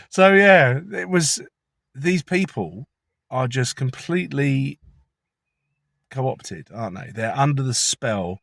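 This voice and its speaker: A man's voice: mid-range voice, animated, slow, creaky, long pauses, a bit bright, dry recording. A man talking in a chatty, rambling, conspiratorial monologue from inside his car. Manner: chatty, conspiratorial, swears casually. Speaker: vlogger.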